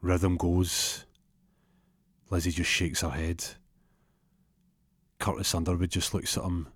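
A man telling an improvised comic story, animated, jumping into high put-on voices for the characters. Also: slow pace, slightly rough, no echo, studio quality.

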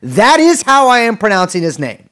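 A man's voice: high voice, wildly swooping pitch, moderate pace, sharp tone, smooth. A man co-hosting a casual political podcast, joking around, swearing freely and often restarting his sentences. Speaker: podcast co-host.

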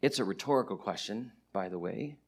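A man preaching a sermon and teaching from the Bible, animated, swinging between loud stretches and hushed asides. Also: lowish voice, brisk, gravelly. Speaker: pastor.

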